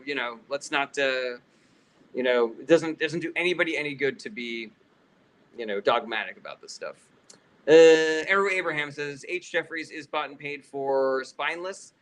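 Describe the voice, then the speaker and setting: A man's voice: a little high, fairly bright tone, rough recording. A man hosting a casual political livestream Q&A, reading out viewer questions and answering bluntly with plenty of profanity.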